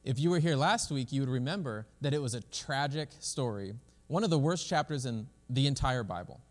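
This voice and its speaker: A man's voice: medium pitch, expressive, brisk. A male pastor preaching a sermon in a church in a casual, conversational way, often restarting his phrases. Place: church sanctuary. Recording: long hall reverb.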